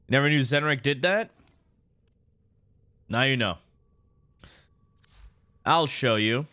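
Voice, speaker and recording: Dude streaming a game, slow easygoing chat, jokey, dry close mic. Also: male voice, mid-range voice, bright, forceful tone, dry recording. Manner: loose and joking, many restarts and "guys". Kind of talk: casual live-stream chat while playing.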